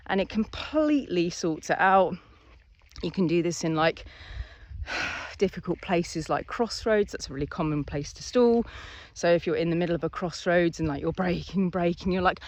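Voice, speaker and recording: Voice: medium pitch, brisk, no room sound. Chatty driving instructor, dry sound. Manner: chatty, animated, acts out little scenes. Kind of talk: casual driving lesson talk.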